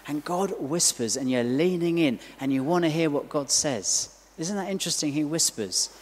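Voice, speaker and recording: A man's voice: a little high, big-room sound. A middle-aged man preaching a sermon in a chatty way, full of asides and rhetorical questions.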